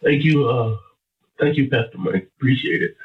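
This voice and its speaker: A man calling in to a show, sick, with a stuffy nose and a fading voice, talking in a hesitant, halting way. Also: mid-range voice. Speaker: caller. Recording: tinny phone line.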